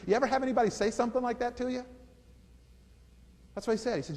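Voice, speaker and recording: Male motivational speaker with a high voice, storytelling and emphatic, in a reverberant hall. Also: rapid-fire, long pauses. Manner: animated, repeats phrases for emphasis.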